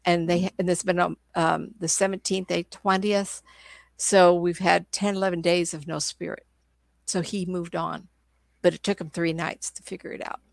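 A woman's voice: on the low side, level tone, moderate pace, gravelly, no room sound, clean studio sound. An older woman speaking with a sore throat, telling stories in a rambling casual chat, with many restarts. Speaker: psychic medium guest. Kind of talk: casual conversational storytelling.

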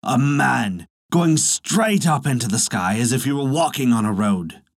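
A man voicing a sly old soldier, speaking slowly and calmly with a husky voice. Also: medium pitch, no echo, clean studio sound. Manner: slow, unhurried, sly. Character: sly old soldier trickster, smooth and calm.

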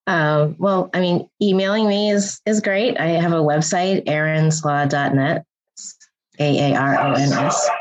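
Low-voiced woman, friendly podcast guest. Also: steady tone, measured pace, poor audio. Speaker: family law attorney and mediator, guest. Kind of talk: casual podcast chat.

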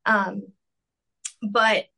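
A young woman talking casually as an interview guest, full of fillers, sometimes jumping high to act out quotes. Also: level tone, extremely slow, gravelly, sharp tone. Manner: chatty, filler-heavy with lots of "like" and "um"; acts out quotes in a high mocking voice.

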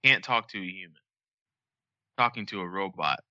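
A man hosting a podcast, ranting in a casual, animated and profane way. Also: low voice, moderate pace, dry recording, dull audio. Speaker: podcast host.

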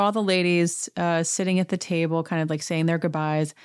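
Woman, podcast host, chatty wry recap, lowish voice, dry sound. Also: fairly even intonation, brisk, smooth, no room sound. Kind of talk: casual TV recap monologue.

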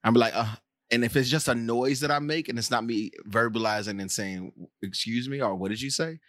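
A man's voice: mid-range voice, brisk, fairly bright tone, no room sound, studio quality. An American man co-hosting a casual podcast, telling rambling stories full of fillers and restarts. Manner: rambling storyteller with many fillers. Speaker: podcast co-host. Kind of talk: casual chat.

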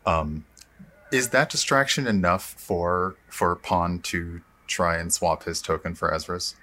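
A man's voice: low-pitched, unhurried, pushed and bright. A man playing a tabletop game, thinking aloud in a rambling way with many fillers. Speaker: player. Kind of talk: tabletop role-play chat.

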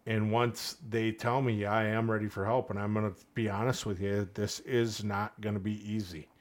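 A man's voice: on the low side, flat delivery, normal speed. A man speaking as a podcast guest, earnest and plain-spoken, telling a story and acting out the lines of its characters. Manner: earnest, storytelling with quoted voices. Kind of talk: casual podcast conversation.

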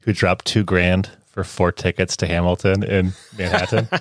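A man's voice: sits low, flat delivery, moderate pace, dry recording, clean studio sound. A man co-hosting a casual travel podcast, telling anecdotes in a chatty, amused way. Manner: chatty storyteller, laughs while telling anecdotes. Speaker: podcast co-host.

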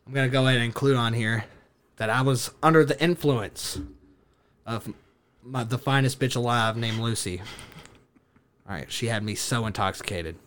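A young man telling a wild story casually, animated, laughing and swearing as he goes. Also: mid-range voice, normal speed, long pauses.

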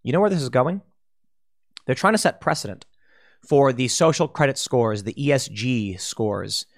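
A man's voice: medium pitch, moderate pace, creaky. A man giving an emphatic opinion commentary, warning listeners and sketching scenarios. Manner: emphatic, warning, speculative, with restarts. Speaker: political commentator.

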